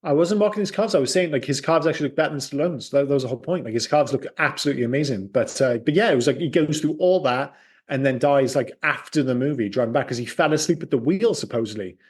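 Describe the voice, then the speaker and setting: A man co-hosting a casual film podcast, animated and sweary, his voice jumping up when he gets excited. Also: medium pitch, quick pace. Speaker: podcast co-host.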